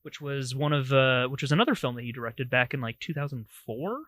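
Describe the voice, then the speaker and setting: A man's voice: mid-range voice, a little fast, a bit bright, dry recording. A man co-hosting a podcast, reviewing a film in rambling casual chat with many restarts. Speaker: podcast co-host.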